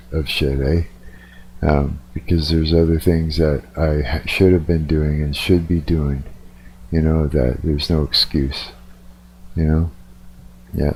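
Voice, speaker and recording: Man, low voice, mellow tone, tired, profane, rambling stream chat. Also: slight background noise. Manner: profane, rambling, restarts sentences. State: a little tired. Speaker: livestreamer. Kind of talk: casual live-stream chat.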